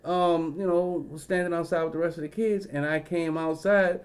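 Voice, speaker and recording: A man's voice: fairly high pitch, steady tone, normal speed, clear, resonant tone. A man in a casual storytelling rant, profane and rambling, full of fillers and side remarks. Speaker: vlogger.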